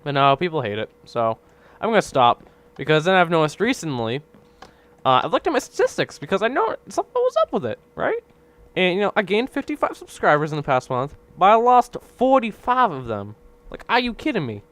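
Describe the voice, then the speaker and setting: A young man rants casually over gameplay, his pitch bouncing widely as he rambles from one gripe to the next. His voice sits a little high for a guy, and he keeps tossing out "right?" as he complains with exasperated energy. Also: wildly swooping pitch, brisk, a bit bright. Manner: exasperated griping. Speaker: gaming video creator.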